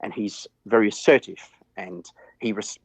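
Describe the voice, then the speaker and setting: A man's voice: on the low side, fairly even intonation, moderate pace, a little mellow, breathy edge, dry recording. A middle-aged man, a business owner, chatting casually as an interview guest and often repeating words while he thinks aloud. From Australia. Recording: dull lo-fi audio.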